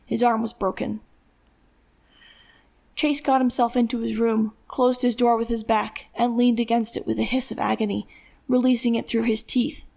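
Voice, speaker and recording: A woman narrating a dramatic thriller audiobook in a steady storytelling voice. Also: a little high, normal speed, vocal fry.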